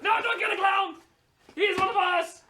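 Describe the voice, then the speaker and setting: A man voicing a shrieky, excitable comedy host character who screams in panic and giggles, in an improvised comedy bit. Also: very high-pitched, moderate pace. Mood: excited. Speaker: comedy web show host. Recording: echoey room, mic far off, faint noise.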